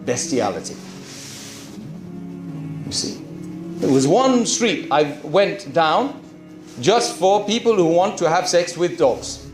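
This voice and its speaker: A man, a Muslim preacher, telling his story to a live audience in an animated way, full of rhetorical questions. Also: on the high side, slow, long pauses, echoey room, music in the background. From Britain.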